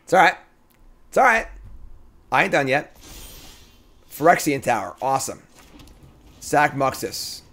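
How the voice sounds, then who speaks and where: A man streaming a card game, thinking aloud through his plays and breaking into excited outbursts as he talks to chat. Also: medium pitch, measured pace, pauses often. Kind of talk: casual gameplay commentary.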